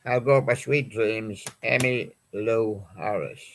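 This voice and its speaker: A man's voice: on the low side, fairly even intonation, slow, fairly bright tone, a little hiss or hum. A man hosting a live music show, chatting in a rambling way and reading out song titles from his records. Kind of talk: live-stream chat presenting records.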